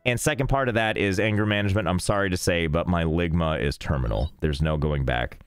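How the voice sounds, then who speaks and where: A young man talks his way through a game stream in a somewhat low voice, dropping deadpan jokes and rambling asides. Faint game music runs quietly beneath him. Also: brisk, clean tone, no room sound. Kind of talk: casual gameplay streaming.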